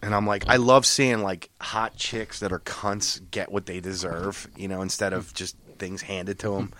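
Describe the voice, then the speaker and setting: A man telling a long, profane driving story in casual chat, quoting other drivers in a louder, higher voice. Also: steady tone, normal speed. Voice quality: gets loud and high when quoting other drivers.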